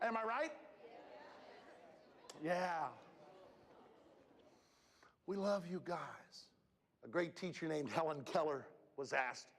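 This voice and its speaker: A man giving a lively, jokey motivational talk to students at a school assembly, working the crowd. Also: slow pace, gravelly, long pauses. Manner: animated, punchy, jokey crowd work with big shifts in pitch. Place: large school hall. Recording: reverberant school hall.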